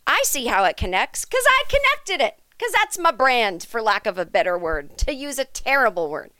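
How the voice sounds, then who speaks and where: A woman hosts a comedic podcast, delivering a sarcastic, indignant and profane rant as a monologue. Her voice is a little high, sing-song, pushed and bright, at a moderate pace. The sound is studio quality with no room sound.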